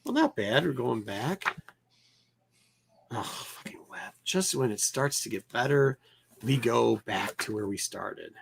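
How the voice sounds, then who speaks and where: A man with a gravelly, cracking voice hosts a casual chat as he digs through a box of comics. He mutters titles under his breath and swears freely. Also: mid-range voice, animated, a little slow, slight background noise. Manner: swears often, mutters while reading. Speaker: host.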